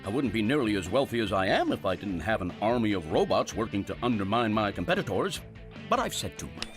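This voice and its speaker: A man's voice: fairly low pitch, very animated, quick pace, faint music behind. A man voicing a smug, eccentric rich cartoon inventor.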